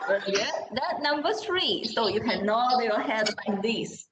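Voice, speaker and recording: A woman's voice: a little high, lively intonation, unhurried, background noise. A woman teaching a Mandarin class. She explains patiently, models sounds for students to repeat, and checks in often by asking "okay?". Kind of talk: classroom language lesson. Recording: roomy echo.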